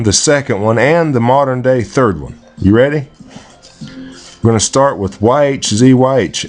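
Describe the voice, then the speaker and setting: A man talking slowly and deliberately over a screen recording, often repeating himself and spelling things out. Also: medium pitch, a little mellow. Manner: slow and deliberate, repeats words, spells out pronunciations. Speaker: self-made video presenter. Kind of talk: slow screen-recorded walkthrough.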